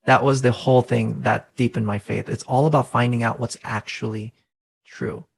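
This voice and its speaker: A man in his thirties speaks as a guest in a relaxed interview, and his voice sits mid-range with a steady gravelly rasp. He talks earnestly and reflectively, often tossing in a "right?" to check in. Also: mid-range voice, normal speed, low-quality recording. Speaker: guest coach. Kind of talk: conversational interview.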